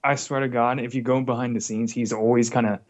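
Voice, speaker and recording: A man's voice: mid-range voice, flat delivery, fast. Crude mocking man on a call. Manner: profane, mocking, mimics people in whiny voices. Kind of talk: casual crude drama chat. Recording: slightly dull lo-fi call audio.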